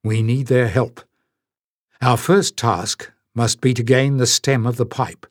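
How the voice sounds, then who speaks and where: A tired young man adventurer in a storybook, read by a man, weighing things up in measured speech. His voice sits in the middle of the range. It is a dry, close recording. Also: medium pitch, steady tone, no room sound. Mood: thoughtful.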